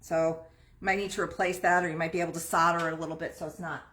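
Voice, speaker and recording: A woman hosts a live online sale from an antique shop, chatting through items and prices as she pitches them. Her lowish voice is fairly bright, with little pitch movement and a quick pace, and the room gives an echo.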